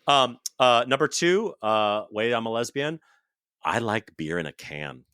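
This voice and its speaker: A man's voice: medium pitch, expressive, unhurried, pushed and bright, clean tone, dry recording, clean studio sound. A man in his thirties co-hosting a podcast, chatting casually in a joking, profane way with lots of "like". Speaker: podcast co-host. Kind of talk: casual chat.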